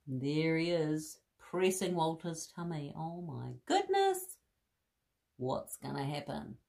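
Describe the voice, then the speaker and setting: A woman's voice: deep voice, big pitch swings, slow, creaky, dark tone, a little hiss or hum. A woman reading a bedtime story to children in a playful, chatty way, laughing and commenting on the pictures.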